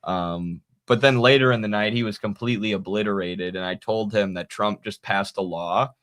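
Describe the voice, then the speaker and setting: Guy with a lowish voice chatting politics on a podcast, tells stories, laughs a lot. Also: moderate pace. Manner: animated storytelling, mimics others with laughs. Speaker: podcast co-host. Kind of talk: casual political chat.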